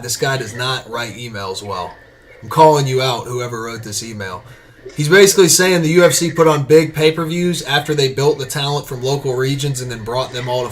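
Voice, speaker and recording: A man hosting a casual podcast who rambles, loses his place and mocks himself. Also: medium pitch. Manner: rambling, self-mocking. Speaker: podcast host.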